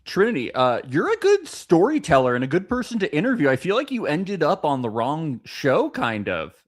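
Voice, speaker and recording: A man's voice: fairly high pitch, wildly swooping pitch, normal speed. A man hosting an interview podcast, laughing often and teasing his guest in a casual chat.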